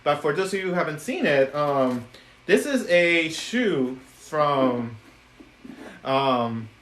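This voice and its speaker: A man's voice: on the high side, expressive, slow pace, a bit bright, slight background noise. A man chatting casually on a live stream about puppets he made, giggly, with lots of ums and restarts. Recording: echoey room.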